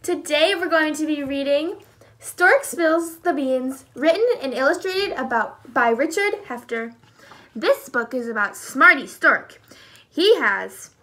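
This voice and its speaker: A woman reading a children's picture book aloud in an expressive storytelling voice. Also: high voice.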